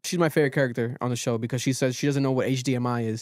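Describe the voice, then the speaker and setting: A man hosting a podcast, recapping a reality show in animated casual chat and swearing freely. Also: medium pitch, rapid-fire. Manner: animated storytelling, swears freely, quotes people in raised voices. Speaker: podcast host.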